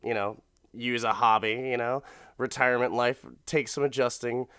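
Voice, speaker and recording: A relaxed male neighbor offering casual advice over the fence, as a man retelling a show voices him. Smooth, resonant delivery in a dry, close room. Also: mid-range voice, moderate pace, no room sound, lightly acted. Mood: easygoing. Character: easygoing male neighbor, mildly advising.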